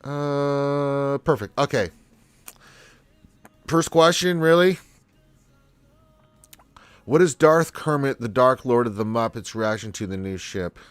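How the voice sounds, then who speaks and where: A man's voice: mid-range voice, takes it slowly, long pauses, clear, resonant tone, dry recording, soft background music. A man hosting a live question-and-answer stream, congested from allergies, talking in a rambling, laid-back way to his chat viewers. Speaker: livestream Q&A host.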